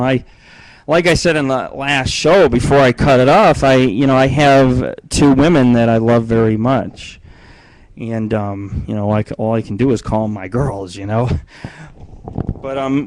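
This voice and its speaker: A man's voice: medium pitch, no echo, rough recording. A man hosting a live internet radio show from home, rambling and profane, with many fillers and restarts, talking into a computer mic on a webcam stream. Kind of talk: crude casual live-stream talk.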